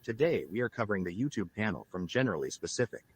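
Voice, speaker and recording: A man narrating a video recap in a quick, matter-of-fact way. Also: fairly low pitch, very animated, slightly rough.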